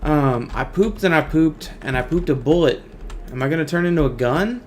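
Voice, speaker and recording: A man voicing an excited ten-year-old girl who keeps pestering her mother in a joke. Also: fairly high pitch, normal speed, a little hiss or hum, natural voice. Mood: eager pestering. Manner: insistent, repeating herself.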